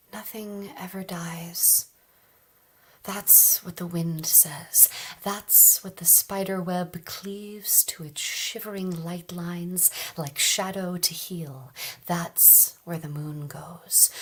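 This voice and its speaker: A woman reads poetry at an open mic in a soft, measured way. Her voice has a husky, airy texture, and she takes her time, letting phrases fall to a hush. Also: on the low side, steady tone. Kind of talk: poetry reading.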